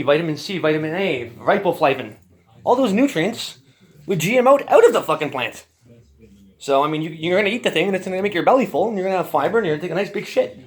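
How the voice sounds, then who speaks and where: Brief: male podcast guest, high and very animated voice, profane rambling rant. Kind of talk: rambling casual storytelling.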